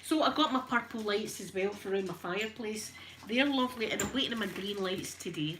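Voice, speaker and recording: A Scottish woman talks her way through a live stream at an everyday pitch, emotional and close to tears as she chats and greets viewers one by one. Her voice sits over a clear hiss of background noise with scattered clicks. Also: a little fast. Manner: emotional, tearful, chatty, greets viewers warmly by name. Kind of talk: chatty live stream while ironing.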